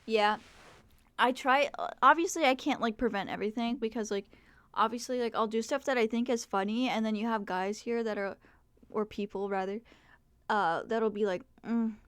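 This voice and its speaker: Young woman streamer rambling to chat, says like constantly, kinda self-deprecating, smooth clear voice. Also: a little high, fairly even intonation, fairly bright tone, dry recording. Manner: rambling, heavy use of "like", self-deprecating, quick asides to chat. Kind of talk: casual live-stream chat.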